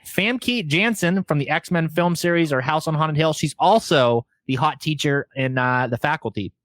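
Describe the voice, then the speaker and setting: Man, podcast co-host, slightly high voice, dry close sound, reads credits, swears casually. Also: normal speed, a bit bright, no echo. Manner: profane, jokey. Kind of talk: casual chat, reading film credits.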